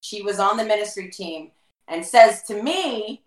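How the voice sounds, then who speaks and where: A middle-aged woman telling her personal testimony as a guest, animated and acting out the dialogue she quotes. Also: mid-range voice, unhurried. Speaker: guest, former worship leader. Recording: roomy echo, mic far off.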